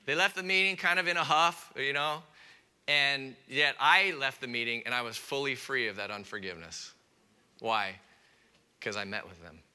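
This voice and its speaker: Man, pastor, sermon, very bright tone, middle pitch, animated, soft on key points. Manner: animated preaching, acts out listeners' objections in a raised voice; drops to a quiet, soft delivery on key points.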